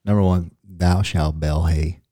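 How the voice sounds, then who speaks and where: A man's voice: low-pitched, fairly even intonation, moderate pace, dark tone, no room sound, studio quality. A middle-aged man from the Ozarks with a Southern accent, co-hosting a podcast in a folksy, joking way. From Ozark region, US. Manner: folksy, joking, restarts often. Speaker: podcast co-host. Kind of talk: casual podcast chat.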